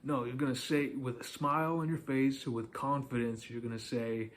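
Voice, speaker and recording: A man's voice: medium pitch, fairly even intonation, moderate pace, hardly any pauses, slight background noise. A man giving dating advice in a casual, direct monologue, coaching the listener and often checking in with "okay?".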